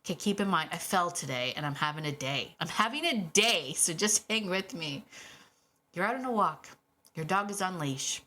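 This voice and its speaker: A middle-aged woman chats through her solo podcast in a bright, clear voice. She is animated and casual, often acting out what dogs might be thinking and laughing as she goes. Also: on the low side, normal speed. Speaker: podcast host and dog trainer.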